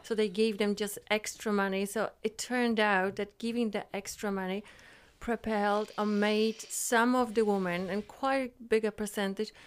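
A woman in casual podcast chat, explaining a point in a measured way. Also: mid-range voice, steady tone, clear, resonant tone.

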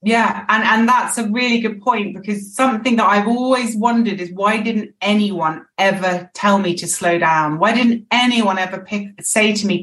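A woman's voice: mid-range voice, moderate pace, hardly any pauses, a bit bright, echoey room. A woman in her forties, a podcast guest talking candidly and reflectively in casual conversation.

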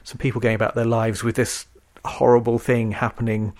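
Man co-host, casual, fluent and enthusiastic, mid-pitched voice. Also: flat delivery, fairly quick, a little mellow. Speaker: podcast co-host. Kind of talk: casual chat about an old TV series.

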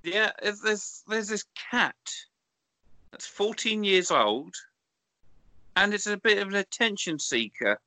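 A man co-hosting a casual podcast, telling odd news with deadpan dark humor. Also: sits high, slow pace, no echo. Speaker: podcast co-host. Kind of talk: casual comedic chat.

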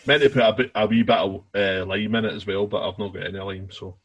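A man's voice: on the low side, steady tone, fast, breathy edge, dull audio. A man co-hosting a casual music podcast, laid-back and dry with short remarks. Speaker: podcast co-host.

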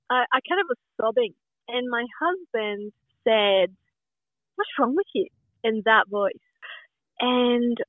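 A woman's voice: medium pitch, dry recording. A woman in her thirties from Scotland, talking openly and chattily as a podcast guest, with many restarts. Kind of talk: casual podcast conversation. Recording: tinny phone line, dry.

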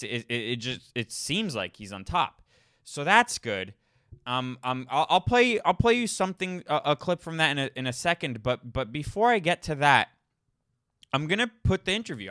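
Male podcast host, casual solo rambling, lots of false starts; bright, tense tone, mid pitch. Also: smooth, no echo, clean studio sound. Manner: rambling, with frequent restarts and repeated words.

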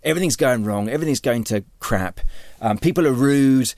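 A man's voice: mid-range voice, expressive, a little fast, a little mellow, no echo. A man, an author and writing teacher, explaining ideas in a conversational interview, rambling with many restarts and repeated words.

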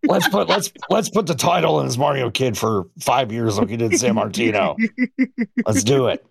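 A man's voice: mid-range voice, normal speed, gravelly, slightly rough. A man co-hosting a podcast, chatting in a jokey, rambling way and restarting his words. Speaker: podcast co-host. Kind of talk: casual comedic chat.

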